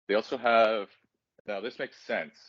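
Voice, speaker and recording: A man with a very low voice co-hosts a casual podcast. He rambles, filling gaps with ums and joking at his own slips. The sound is dry and slightly dull. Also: steady tone, a little slow, fairly bright tone, no echo. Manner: rambling, self-deprecating, casual filler-heavy. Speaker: podcast co-host.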